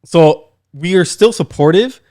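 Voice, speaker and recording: A man's voice: high voice, lively intonation, measured pace, darkish tone. A man co-hosting a casual podcast, talking bluntly and jokingly and acting out quotes. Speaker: podcast co-host.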